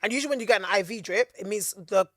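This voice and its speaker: A woman co-hosting a podcast, talking in an emphatic, excitable, preachy way. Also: mid-range voice, rapid-fire, no room sound, studio quality. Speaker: podcast co-host. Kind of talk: casual chat.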